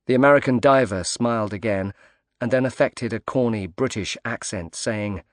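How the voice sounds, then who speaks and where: A man giving measured, subdued scripted narration of a thriller audiobook. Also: medium pitch.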